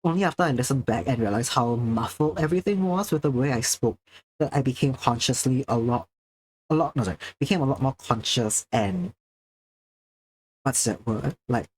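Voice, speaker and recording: Young Singaporean man, crisply enunciated. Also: mid-range voice, lively intonation, normal speed, slight background noise. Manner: careful, precise enunciation with a presenter's projection. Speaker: livestreamer. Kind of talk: casual chat while drawing, answering chat.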